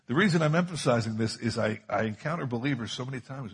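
Husky-voiced man preaching a sermon. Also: medium pitch, animated, quick pace, few pauses, a bit bright. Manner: emphatic, repeats key phrases for stress. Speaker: pastor.

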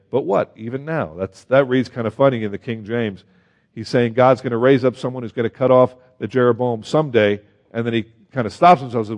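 Animated male preacher, lo-fi recording. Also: fairly low pitch, fairly quick. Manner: animated, with rhetorical questions to the congregation; reads scripture aloud in old-fashioned wording. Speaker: pastor. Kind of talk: sermon Bible teaching.

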